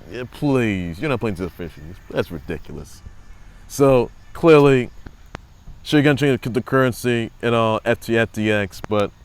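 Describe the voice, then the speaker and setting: A man's voice: medium pitch, smooth. A man hosting his own sports report, rambling in casual commentary, repeating phrases and mocking players.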